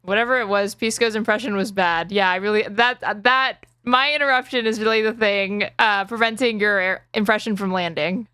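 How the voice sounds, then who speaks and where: A woman's voice: medium pitch, fairly even intonation, normal speed, hardly any pauses, pushed and bright, smooth, no echo. A woman chatting casually and teasingly while reacting to clips. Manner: teasing, dry. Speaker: stream host.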